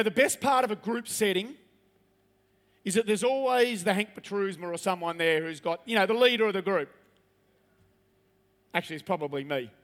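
A man with a high-pitched, slightly bright voice delivers a chatty, humorous sermon, asking his listeners questions. The long reverb of a large hall surrounds him.

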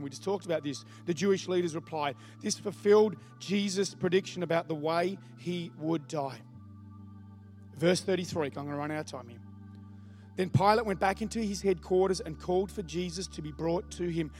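At normal speed, a pastor whose voice is high-pitched delivers a relaxed, conversational sermon. Faint soft music plays as he reads scripture and keeps addressing the congregation with questions.

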